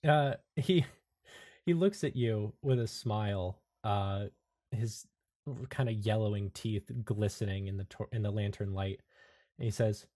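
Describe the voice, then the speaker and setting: A man narrating as game master of a tabletop role-playing game, describing scenes in a relaxed way with fillers. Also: fairly low pitch, unhurried.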